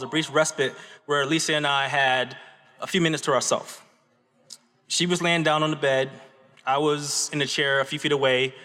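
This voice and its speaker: Speaking from a podium in a large auditorium, a graduate student from Michigan gives a convocation speech in a somewhat high, pushed, bright voice. He tells a story earnestly, tossing "right?" asides to the audience, and echoey reverb fills the recording.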